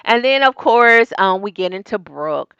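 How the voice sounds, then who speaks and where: A woman dishes on a reality TV episode in a chatty recap vlog, calling her viewers "y'all" and "girl" and jumping up in pitch when something gets juicy. Her voice is bright and smooth, close to the mic in a dry room. The sound is a little dull, like a modest home setup. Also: a little slow, dry recording. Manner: animated, jumps up in pitch when excited. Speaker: reality TV review vlogger. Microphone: desk microphone.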